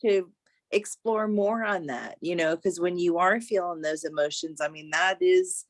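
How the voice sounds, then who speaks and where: Gently encouraging woman workshop leader. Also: on the low side, unhurried, no room sound. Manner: earnest, gently encouraging, many "you know" fillers. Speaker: creative writing workshop leader.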